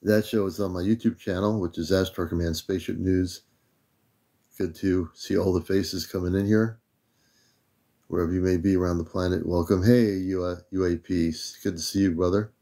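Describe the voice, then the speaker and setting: An older man from the United States hosts a laid-back livestream, welcoming viewers by name in an easy, unhurried way. His voice is very low and dark, and mellow in tone. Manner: relaxed, greets viewers by name. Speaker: livestream host. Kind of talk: casual livestream greetings.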